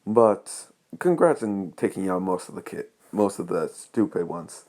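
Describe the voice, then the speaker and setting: A man's voice: low-pitched, sing-song, a little slow, darkish tone. A man voicing a brash, crude young woman who is a sniper student. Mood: cocky. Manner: crude, cocky, swears freely.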